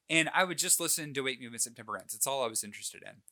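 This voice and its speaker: A young man co-hosting a podcast, spinning a long personal story in easy, animated chat. His voice is very bright and forward, and he talks at an ordinary middle pitch, tripping over restarts and fillers as he goes. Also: fast, few pauses. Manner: animated, self-deprecating, many fillers and restarts. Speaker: podcast co-host.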